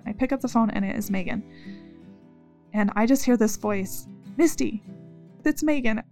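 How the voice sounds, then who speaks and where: A woman telling her story in an interview, rambling and halting, breaking off mid-sentence and restarting. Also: medium pitch, darkish tone, soft background music. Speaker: interviewee recounting events. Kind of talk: casual spoken recollection.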